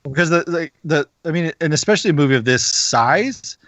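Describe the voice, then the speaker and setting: A man's voice: on the high side, lively intonation, brisk, a bit bright, dry recording. A man co-hosting a podcast, rambling with many "like"s and restarts. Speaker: podcast co-host. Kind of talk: casual chat.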